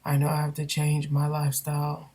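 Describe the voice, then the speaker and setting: A woman's voice: deep voice, completely flat delivery, fairly quick, dark tone, slight background noise. A woman candidly venting in a personal vlog, rambling and emotional with many fillers, recorded on a built-in computer microphone. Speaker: vlogger.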